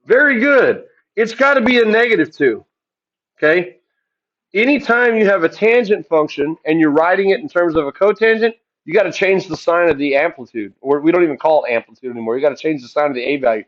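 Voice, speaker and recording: A man teaching a math lesson, asking the class questions and answering them himself in a relaxed, chatty way. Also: fairly high pitch, fairly quick, highs cut off. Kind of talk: classroom lecture.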